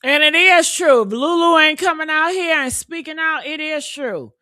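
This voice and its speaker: A woman's voice: sits high, normal speed, bright, forceful tone, dry recording, clean studio sound. A woman hosting a casual livestream chat, sassy and teasing, laughing often. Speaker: live show host.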